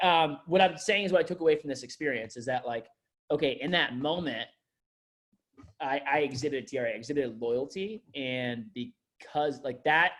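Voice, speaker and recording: A man with a mid-range, somewhat bright voice, a district manager, walks his staff through onboarding. It comes out as rambling storytelling stuffed with fillers and repeated restarts.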